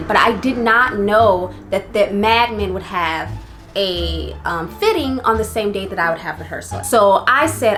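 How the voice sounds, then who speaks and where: A young woman casually telling a personal story for her vlog, chatty and animated, with many fillers. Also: mid-range voice, a little slow. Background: faint background music.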